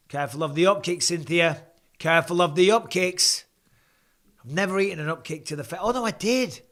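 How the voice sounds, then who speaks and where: Chatty man, fairly high voice. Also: a bit bright. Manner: chatty, swears casually, reads out viewer comments. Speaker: host and former fighter. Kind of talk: live fight watch-along chat.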